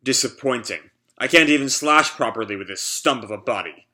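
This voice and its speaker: A man voicing a ruthless male assassin, speaking the lines in a flat, scornful way close to his own voice. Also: mid-range voice, fairly quick. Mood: cold.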